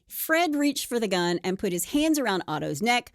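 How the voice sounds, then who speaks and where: A woman with a fairly high, lively voice tells a true crime story in a relaxed podcast chat. She slips into playful voices for the people she quotes. The sound is dry and close. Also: normal speed, no room sound.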